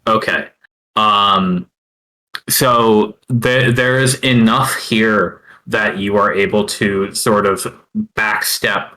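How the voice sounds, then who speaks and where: A man narrating as game master of a tabletop game, hesitant and full of filler pauses. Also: on the low side, pushed and bright, poor audio.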